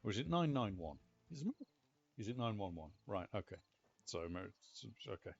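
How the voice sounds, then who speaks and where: A British man casually chatting and telling stories while playing a game, animated and exclamatory. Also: lowish voice, normal speed, muffled recording. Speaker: gaming channel host. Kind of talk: casual gameplay commentary.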